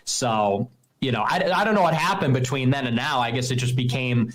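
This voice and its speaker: A man's voice: medium pitch, brisk, fairly bright tone. A young man hosting a live stream, ranting in a scornful, mocking and profane way. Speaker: streamer host. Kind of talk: heated live-stream rant.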